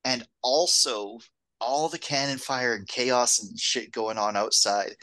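A man's voice: mid-range voice, steady tone, slow pace, bright, forceful tone, rough recording. A man co-hosting a film podcast, laughing easily, drifting into tangents and restarting his sentences. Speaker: podcast co-host. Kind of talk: casual film discussion.

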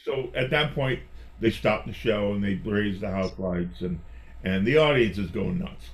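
A middle-aged man, a magician guest, telling personal stories in a chatty, animated way and often restarting his phrases. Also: on the low side, normal speed. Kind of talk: personal storytelling in conversation.

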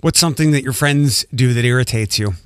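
A man's voice: mid-range voice, a little fast, clean tone, no echo. A Midwestern American man hosting a casual morning radio show, teasing his co-host in a dry, matter-of-fact way. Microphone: studio microphone.

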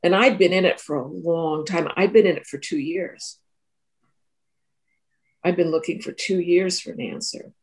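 A woman's voice: fairly low pitch, moderate pace, pauses often. A woman who is a teacher and therapist tells a reflective personal story in an interview, talking earnestly and often repeating and restarting her phrases. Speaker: Three Principles teacher and therapist.

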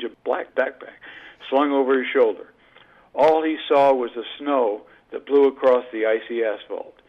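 A man reading a story aloud as an audiobook narrator, in measured storytelling style. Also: medium pitch. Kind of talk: scripted narration. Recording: tinny phone-like band.

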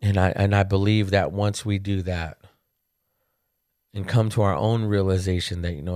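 This low-voiced male podcast host talks at normal speed in a casual monologue about his family, peppering it with "man." Retelling funny family moments makes him animated. The audio is studio quality with no echo.

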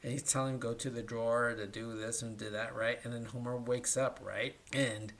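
A man's voice: mid-range voice, level tone, normal speed, a bit bright. Podcast host, man, mid-range voice, loose rambling recap style, keeps checking in with "right?". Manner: rambling retelling, tags lines with "right?". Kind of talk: casual chat.

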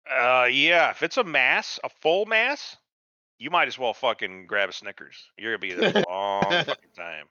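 A man's voice: mid-range voice, sing-song, normal speed, bright, forceful tone, no echo. A man co-hosting a podcast in casual chat, rambling and swearing a lot. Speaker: podcast co-host. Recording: dull dry lo-fi sound.

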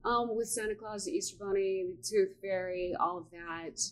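A woman in her forties with a medium-pitched voice speaks at normal speed as she co-hosts a podcast, chatting casually in a supportive and reflective manner.

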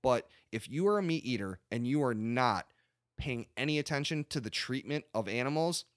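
A man hosting a casual podcast, ranting with lots of swearing and animated asides. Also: mid-range voice, normal speed, dry recording, studio quality. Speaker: podcast host.

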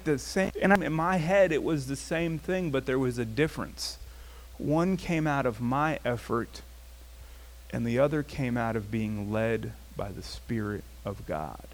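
Man, pastor, conversational sermon storyteller, mid pitch. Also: a little slow. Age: adult, past his teens. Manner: conversational, animated storytelling with acted quotes.

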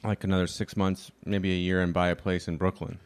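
A man in his forties, a comedian guest on a podcast, chatting casually and joking about himself with halting restarts. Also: deep voice, flat delivery, smooth. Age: 40s.

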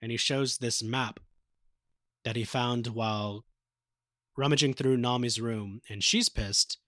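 A man's voice: mid-range voice, steady tone, slow pace, long pauses, sharp tone, no echo, clean studio sound. A man co-hosting a podcast, casually retelling anime episodes with a swearing, joking manner. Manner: casual, profane retelling, acting out quotes. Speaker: podcast co-host.

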